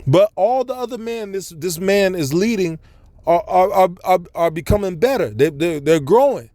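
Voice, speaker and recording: A man's voice: high-pitched, lively intonation, normal speed, dark tone, dry recording. Blunt, profane preaching man. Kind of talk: profane street sermon.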